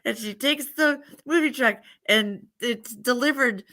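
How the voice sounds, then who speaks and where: A woman hosting a casual stream retells a childhood bedtime story in a loose, rambling way. Her voice is bright and a little high-pitched. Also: a little slow. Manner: chatty, rambling, laughing asides. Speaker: livestream host.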